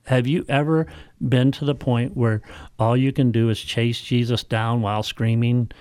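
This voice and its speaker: A male pastor, preaching a sermon in measured, emphatic phrases full of rhetorical questions. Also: medium pitch, steady tone, darkish tone, smooth, no room sound, studio quality.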